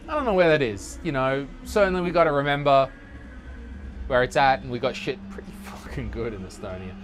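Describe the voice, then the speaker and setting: A young man hosting a comedy podcast, telling a rambling, sweary story in a loose monologue and jumping into high mock voices now and then, recorded outdoors on a city balcony on a portable recorder that is not studio quality. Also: expressive, moderate pace. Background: faint music from the city.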